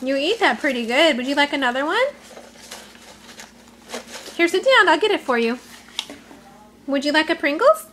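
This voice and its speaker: A woman's voice: sits high, expressive, a little fast, fairly bright tone, a little hiss or hum. A woman coaxing a toddler in sing-song baby talk in a home video. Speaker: parent filming a toddler.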